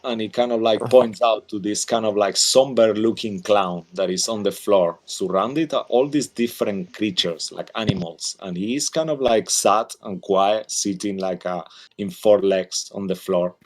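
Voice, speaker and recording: A man's voice: lowish voice, moderate pace, a little mellow. Hesitant male game master. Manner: hesitant, many likes and ums. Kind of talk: narrating a tabletop game.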